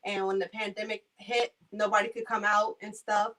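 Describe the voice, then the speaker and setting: A woman's voice: mid-range voice, moderate pace, recorded from a distance, poor audio. A young woman from Maryland, a caregiver, telling her stories in a casual interview and acting out the people in them. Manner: animated, acts out voices in her stories.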